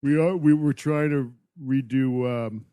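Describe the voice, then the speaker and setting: A man co-hosting a comedy podcast, making wry, quick quips. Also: mid-range voice, fairly even intonation, mellow, clear, resonant tone, dry recording. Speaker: podcast co-host. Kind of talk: casual comedy chat.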